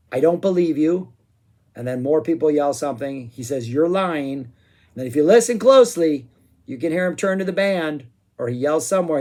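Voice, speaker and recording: A man giving a casual spoken music review, excitable and rambling, with frequent "um"s and asides. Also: a little high.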